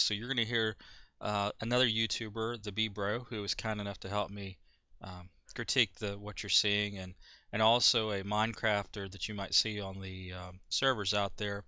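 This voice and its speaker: Brief: low, bright man hosting a game vlog, hesitant. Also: no room sound, dull audio. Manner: hesitant, many ums and restarts. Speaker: beginner YouTuber.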